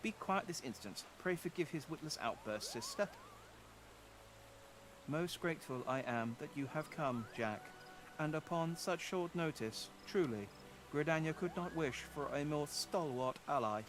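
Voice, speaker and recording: A man's voice: a little high, animated, unhurried, background noise. A man reading the lines of a stately, stern elder woman leader in formal, old-fashioned phrasing. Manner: formal, archaic, commanding.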